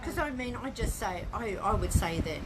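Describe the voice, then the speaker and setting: A chatty woman joins in as a studio guest, talking easily at a middle pitch. A clear crowd murmur runs behind her voice. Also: animated, moderate pace, low-quality recording.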